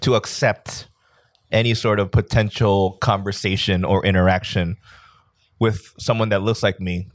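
A man's voice: on the low side, level tone, moderate pace, dry recording, clean studio sound. A man in his forties co-hosting a podcast, joking and self-mocking, with crude banter in casual chat. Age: 40s. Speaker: podcast co-host.

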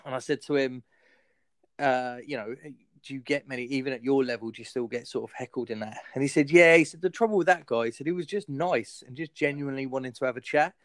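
A man's voice: mid-range voice, fast, no echo. A man hosting a podcast, telling crude stories in casual chat and acting out other people's lines. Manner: crude storyteller acting out quotes. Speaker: podcast host and comedian.

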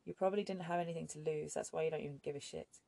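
A woman's voice: sits low, fairly even intonation, very fast, creaky, dark tone, no room sound. A woman reading an audiobook voices a defiant, demanding young woman captive with an insistent, confrontational manner. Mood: scornful.

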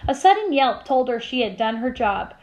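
A woman teacher reading a novel aloud to her class, with steady storytelling and small slips she corrects. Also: high voice, normal speed, highs cut off.

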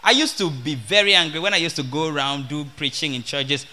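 A man preaching an animated, humorous sermon to a congregation. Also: on the high side, fairly quick. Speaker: evangelist.

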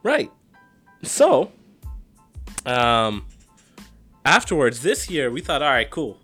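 A young man co-hosting a casual podcast, his voice swinging up and down as he riffs in slangy, excitable talk. Faint music sits underneath. He laughs easily between points. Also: mid-range voice, slow pace, slightly rough. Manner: animated, slangy, laughs a lot. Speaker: podcast co-host. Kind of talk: casual chat.

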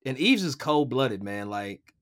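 A male golf broadcaster from Kentucky talks loosely on a podcast, swearing freely and repeating words as he goes. His voice sits at a middle pitch, and he talks at an everyday pace. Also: sing-song, unhurried. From Kentucky, USA. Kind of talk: casual podcast chat.

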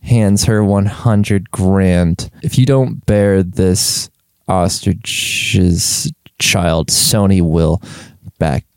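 Slow, low-voiced deadpan man. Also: clear, resonant tone, no room sound, clean studio sound. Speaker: podcast co-host. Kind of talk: comedic banter, typing prompts aloud.

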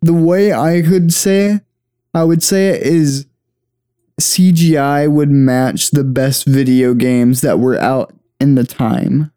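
A young man with a slightly higher, mellow voice searches for words and piles up fillers as he chats about a film. The recording is dry and up close. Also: steady tone, clear, resonant tone, no echo. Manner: halting, lots of fillers. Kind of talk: casual movie watch-along chat.

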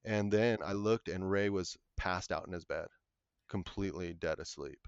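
Gravelly low-voiced man telling a story. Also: no room sound. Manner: earnest, halting storyteller. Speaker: podcast guest. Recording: muffled lo-fi audio.

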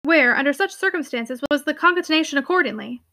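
Young woman, high voice, reads a novel aloud and chats eagerly about it. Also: lively intonation, fast talker, hardly any pauses, pushed and bright, dry recording, clean studio sound. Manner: eager, chatty, many fillers in commentary. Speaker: audiobook reader and book commentator. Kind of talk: reading a novel aloud, then casual commentary.

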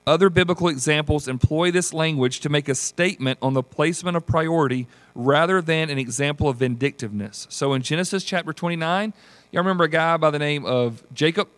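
A man's voice: on the high side, fairly quick, no echo. Folksy man teaching a Bible study. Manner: folksy, animated storytelling with acted voices. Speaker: pastor leading a Bible study. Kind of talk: teaching sermon with group discussion.

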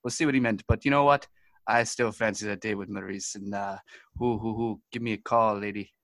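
A man's voice: on the low side, fairly even intonation, brisk, fairly bright tone, no room sound, voice pushed down. A man voicing a goofy male news correspondent who rambles and keeps saying "as they say". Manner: rambling, repeats "as they say", laughs at own jokes. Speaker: comic correspondent. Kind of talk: comedic improvised character bit.

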